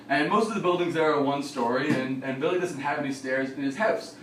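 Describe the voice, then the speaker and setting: A young man performing a stand-up comedy set with an excitable, swearing delivery, acting out kids and other voices. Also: on the high side, quick pace, few pauses, far from the mic, background noise. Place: small bar stage with live audience. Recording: roomy bar recording from afar, crowd laughter.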